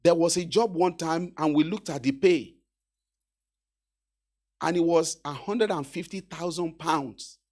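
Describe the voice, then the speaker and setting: A man's voice: on the high side, measured pace, long pauses, darkish tone. A middle-aged man from Nigeria with a Yoruba accent, giving an encouraging speech with stories and asides to the audience. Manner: exhortative, anecdotal, with asides to the audience. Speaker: graduation speaker.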